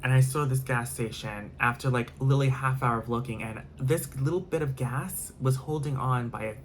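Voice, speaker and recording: A man's voice: medium pitch, normal speed, a little hiss or hum. Rambling man telling a storytime vlog. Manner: rambling, filler-heavy, repeats himself, swears. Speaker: vlogger. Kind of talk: casual storytime monologue.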